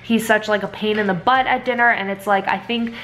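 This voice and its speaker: A woman's voice: medium pitch, steady tone, brisk, fairly bright tone. A tired young woman and mother in a casual vlog, talking at home in a weary, rambling way with lots of "like.". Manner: weary, rambling, heavy use of "like". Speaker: vlogger and mother.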